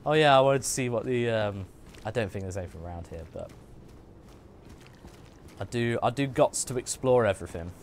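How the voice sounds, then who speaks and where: A man's voice: medium pitch, normal speed, long pauses, a little hiss or hum. A man streaming a game, chatting and joking and muttering asides to himself as he plays. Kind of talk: casual gaming commentary.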